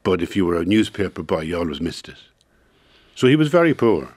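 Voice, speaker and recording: Reflective Irish man, low voice. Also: big pitch swings, darkish tone. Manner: thoughtful, halting, many repeated words. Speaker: guest. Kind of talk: reflective personal interview. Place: radio studio.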